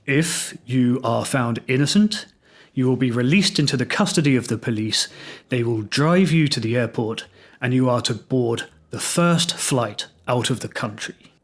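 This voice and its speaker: A man's voice: mid-range voice, lively intonation, normal speed. A man putting on a plummy English embassy official. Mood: formal, polite. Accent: upper-class English. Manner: clipped, formal, politely cheerful. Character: terribly posh British male embassy official.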